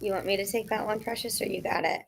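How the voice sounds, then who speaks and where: A woman's voice: mid-range voice, fast talker, creaky, a little hiss or hum. An American woman, a native-speaker guest, explaining things casually with plenty of fillers. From United States. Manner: relaxed, many fillers like "like" and "um".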